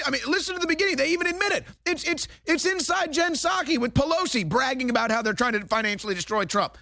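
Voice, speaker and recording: Man, political host, indignant, sarcastic, high pitch, bright tone. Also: fast talker, vocal fry, dry recording, studio quality. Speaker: political talk show host. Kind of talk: heated commentary.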